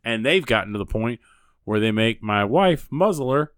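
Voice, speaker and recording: Man, middle-aged, podcast co-host, profane, animated, lively pitch, dry sound. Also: moderate pace, clean tone, no room sound. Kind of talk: casual chat.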